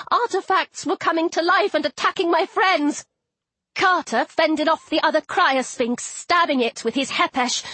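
A woman narrating a first-person novel as an audiobook in a lively, wry manner, acting out the dialogue. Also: high voice, dry recording.

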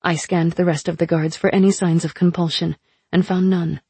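Female audiobook narrator, lowish voice, breathy and dry. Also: level tone, normal speed, mellow, no echo. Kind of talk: scripted narration.

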